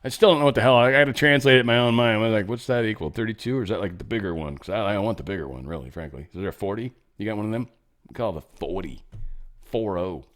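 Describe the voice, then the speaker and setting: A man's voice: on the low side, animated, fast, fairly bright tone. A man hosting a podcast, giving casual news commentary in a rambling, joking, self-interrupting way. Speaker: podcast host.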